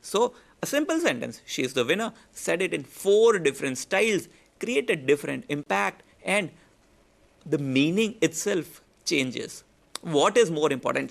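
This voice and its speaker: Gravelly Indian English man teaching. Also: a little high, sing-song, a little slow. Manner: explanatory, repeats example sentences with shifting emphasis. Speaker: public speaking instructor. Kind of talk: lecture.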